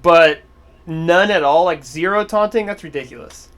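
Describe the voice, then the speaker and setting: A young man co-hosts a casual sports podcast in a notably high voice. He gets blunt and worked up, swearing heavily. He fills his talk with "like". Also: normal speed, a bit bright. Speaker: podcast co-host.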